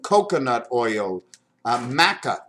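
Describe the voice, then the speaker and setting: A man's voice: medium pitch, big pitch swings, slow pace, fairly bright tone. An older man talking to his camera in a home vlog, rambling from one topic to the next and showing things as he goes. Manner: wandering stream-of-consciousness talk, jumping between topics; shows items to the camera while talking. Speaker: vlogger.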